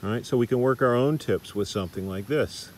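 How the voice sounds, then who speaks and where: A middle-aged Australian man demonstrating massage techniques in a relaxed, chatty way, recorded in a park. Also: mid-range voice, a little fast, a little hiss or hum. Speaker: massage teacher. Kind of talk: casual demonstration. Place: park outdoors.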